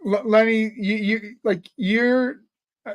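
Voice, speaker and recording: A Canadian man co-hosting a podcast in a high voice. He trips over his words with repeated starts and swears bluntly. His talk is loose and joking. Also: steady tone, slow pace. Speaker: podcast co-host. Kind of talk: casual podcast chat.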